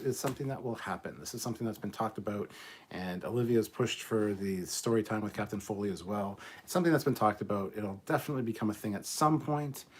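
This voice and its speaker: A man's voice: on the low side, darkish tone, slight background noise. A middle-aged man hosting a casual livestream, reading viewer comments aloud and reacting in a chatty way, swearing freely and joking about himself. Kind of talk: casual live chat.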